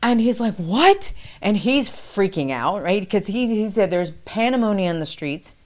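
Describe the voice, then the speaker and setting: A woman recounting a past experience in conversational storytelling, acting out quoted dialogue with animated pitch jumps. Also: moderate pace. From New York City.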